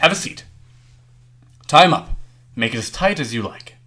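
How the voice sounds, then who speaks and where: A man playing a cocky young hero in an amateur skit, his lines swooping widely in pitch. His tone is bright as he hurls theatrical insults. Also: very animated, normal speed. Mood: menacing taunt. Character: defiant young male hero, weak but cocky.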